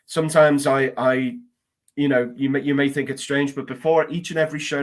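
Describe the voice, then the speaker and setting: Polite accented male guest, earnest and reflective, mid-pitched. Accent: non-American English. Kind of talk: casual interview chat.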